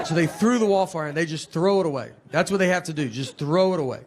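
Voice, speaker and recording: Deadpan male stand-up, loud laughing crowd. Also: rapid-fire, few pauses, very noisy. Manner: deadpan, low-key storytelling. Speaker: stand-up comedian. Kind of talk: stand-up comedy set. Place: live venue with laughing audience.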